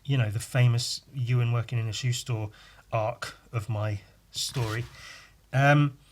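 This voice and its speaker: A man's voice: medium pitch, fairly even intonation, measured pace, a little hiss or hum. A man hosting a podcast, rambling casually with crude, self-mocking humour while he draws. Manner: talks while drawing. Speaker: podcast host.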